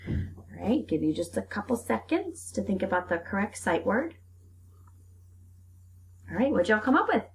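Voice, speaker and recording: A woman's voice: mid-range voice, slight background noise. A young woman teacher leading a phonics lesson for young children, stretching out sounds and giving encouraging praise. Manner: slow, drawn-out sounds with lively, encouraging praise.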